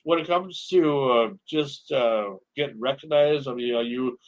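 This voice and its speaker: A man's voice: medium pitch, unhurried, rough recording. A man hosting a casual radio interview, chatty and loose, full of fillers. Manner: chatty, lots of fillers, laughs along. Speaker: radio show host.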